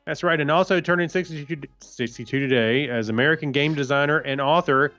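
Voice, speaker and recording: A man's voice: fairly high pitch, fairly quick, fairly bright tone, faint music behind. Man co-hosting a podcast, slightly dull sound. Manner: dry puns, stumbles over names. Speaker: podcast co-host. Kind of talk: casual chat reading this-day-in-history.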